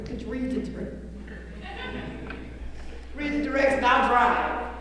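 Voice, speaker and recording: A high-voiced woman giving a blunt, earthy recovery testimony, swearing as she goes. She is picked up from far off by a room mic. Her voice rings with a long, hollow echo. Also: takes it slowly, a bit bright, a little hiss or hum. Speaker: recovery meeting speaker. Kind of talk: personal testimony talk. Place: large meeting room.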